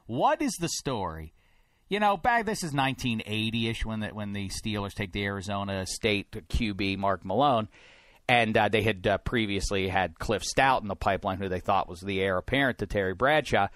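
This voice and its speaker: A man from Pittsburgh hosting a sports talk show in a studio, rambling and getting more animated and emphatic as he goes. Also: on the low side, moderate pace, no echo. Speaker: sports radio host. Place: broadcast studio.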